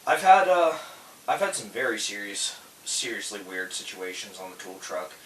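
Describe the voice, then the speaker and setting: A man casually telling stories on a podcast, acting out quoted people with loud, animated bursts. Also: fairly low pitch, moderate pace. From Florida. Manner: animated, acts out quotes loudly. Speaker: podcast host, tool truck dealer. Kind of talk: casual storytelling chat. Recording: echoey room, distant mic, faint hiss.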